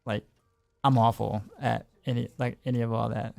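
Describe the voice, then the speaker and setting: A man streaming a game chats through his choices, repeating words and trailing off easily. His mid-pitched voice has a heavy gravel to it, recorded dry and close. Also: level tone, normal speed, darkish tone, no echo. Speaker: game streamer and music teacher. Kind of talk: casual gameplay commentary.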